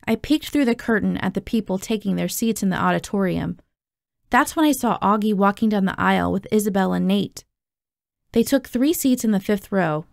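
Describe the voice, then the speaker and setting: A woman's voice: medium pitch, gravelly, darkish tone, no room sound, clean studio sound. A woman reading a novel aloud, narrating expressively in the first person. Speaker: audiobook reader.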